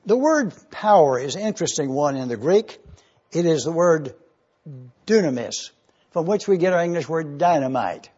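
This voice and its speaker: A man's voice: on the high side, animated, normal speed, darkish tone, husky, lo-fi sound. A man preaching an evening sermon, teaching from scripture and stretching out key words for emphasis. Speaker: pastor.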